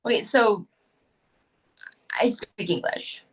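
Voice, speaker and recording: An American actress in a casual interview, talking candidly and rambling with fillers and restarts over a video call. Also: female voice, medium pitch, expressive, takes it slowly, breathy edge, low-quality recording. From United States.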